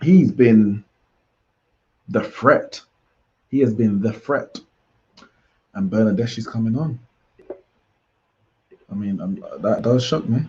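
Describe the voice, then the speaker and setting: A man's voice: lowish voice, slow pace, long pauses, mellow, lo-fi sound. A man hosting a live football watchalong, chatting casually and reacting aloud to the play. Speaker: watchalong host. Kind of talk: live match watchalong commentary.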